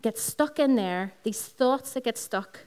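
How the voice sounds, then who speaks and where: A woman's voice: on the high side, animated, unhurried, a little mellow. Northern Irish woman pastor preaching. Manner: personal storytelling with repeated phrases, talks to the congregation. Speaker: lead pastor. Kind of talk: sermon. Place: Sunday service in a school hall.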